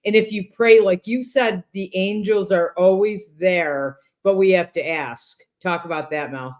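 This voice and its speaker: A woman's voice: on the low side, a little slow, darkish tone. A woman hosting a casual talk-show conversation as a medium. She speaks eagerly and keeps restarting her sentences with repeated words. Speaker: host and medium.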